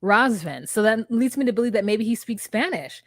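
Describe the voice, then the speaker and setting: A woman's voice: fairly high pitch, animated, moderate pace, no room sound, clean studio sound. A woman co-hosting a podcast in casual recap chat, rambling and frank with lots of filler words. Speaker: podcast co-host.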